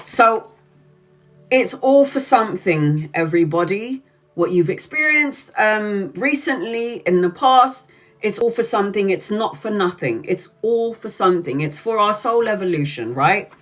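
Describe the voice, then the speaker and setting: A woman's voice: medium pitch, lively intonation. Woman doing a live tarot reading, swears a lot, stretches out words to hammer a point home. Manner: blunt and profane, emphatic; drawls key words slowly for emphasis. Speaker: tarot reader.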